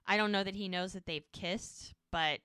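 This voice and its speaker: A woman's voice: mid-range voice, fairly even intonation, moderate pace, bright, forceful tone, clear, resonant tone, no echo, studio quality. A woman co-hosting a podcast, casually retelling TV scenes and quoting characters' lines. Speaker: podcast co-host. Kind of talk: casual recap chat.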